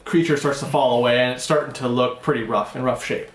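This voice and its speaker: A man's voice: mid-range voice, fairly even intonation. Roomy-sounding man running a tabletop game. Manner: slow, searching descriptions with restarts. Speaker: game master. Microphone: older home recording setup. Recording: echoey room, faint noise.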